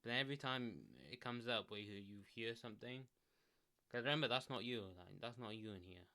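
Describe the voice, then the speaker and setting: A man's voice: medium pitch, fairly quick. A man sitting in a chair, giving casual self-help advice into a desk microphone in a loose, rambling way with lots of fillers. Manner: rambling, lots of "like", restarts, relaxed. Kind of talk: casual solo advice talk.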